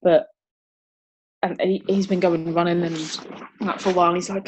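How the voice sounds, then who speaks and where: A young woman, chatting as an interview guest, upbeat and quick to laugh. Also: lowish voice, flat delivery, lo-fi sound, a little hiss or hum. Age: 20s. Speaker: martial arts competitor, interview guest. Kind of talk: casual interview chat.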